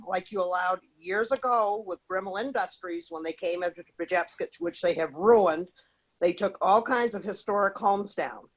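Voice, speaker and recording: A woman's voice: on the low side, rough recording. A woman with a Maine accent, calling in to a town meeting to give an angry, emphatic public comment. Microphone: remote call-in.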